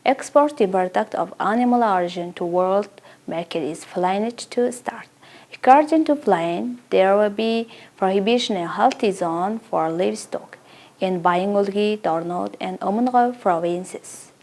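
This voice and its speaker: A woman's voice: medium pitch, unhurried, a little mellow. A woman presenting English-language news, reading a script in a careful, formal way.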